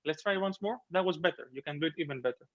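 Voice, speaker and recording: A man, teaching an online piano masterclass, gently encouraging and singing phrases and counting beats aloud. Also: fairly high pitch, very fast. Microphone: video call. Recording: muffled video call with piano.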